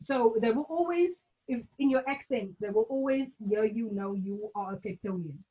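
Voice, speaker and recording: A woman's voice: a little high, normal speed, warm tone. A South African woman chatting as a guest over a video call, rambling with lots of "like" fillers. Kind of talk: casual chat. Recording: dull lo-fi video call audio.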